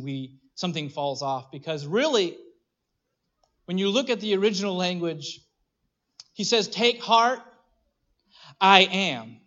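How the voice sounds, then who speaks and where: Animated male pastor, muffled sound. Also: high voice. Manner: animated, acts out voices, restarts often. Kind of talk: sermon.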